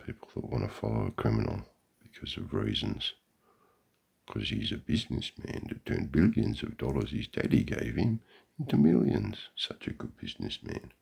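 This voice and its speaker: Gravelly, deep-voiced Australian man mocking golfers. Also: a little mellow. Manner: sarcastic, mocking, profane. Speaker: vlogger. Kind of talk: live running commentary. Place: outdoors beside a golf green.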